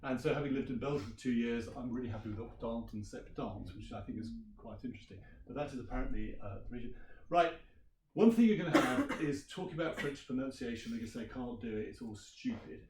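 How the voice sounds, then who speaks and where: Chatty teacher in a roomy hall. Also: male voice, mid-range voice, fast talker, darkish tone, slight background noise. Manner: chatty, quizzes the audience. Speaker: language teacher giving a workshop. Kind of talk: conference workshop presentation. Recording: roomy sound from a distant mic.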